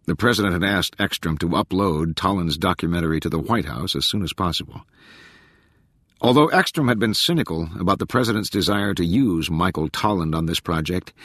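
A man narrating an audiobook in a measured, even reading with a husky voice. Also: low-pitched, no echo, clean studio sound. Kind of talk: scripted narration.

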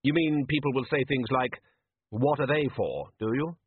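An older ruler who is drily ironic and unhurried, as a man puts him on. His drawl is cool and a little husky. The recording is thin and dry, like a phone line. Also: mid-range voice, no echo, voice pushed up, close to an everyday voice.

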